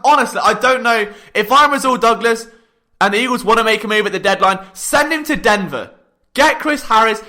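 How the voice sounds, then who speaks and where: A man hosts a sports podcast in an unscripted, heated rant. His voice sits very high and sounds bright and forceful. He argues his points with exasperated rhetorical passion. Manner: impassioned and exasperated, fast rhetorical ranting.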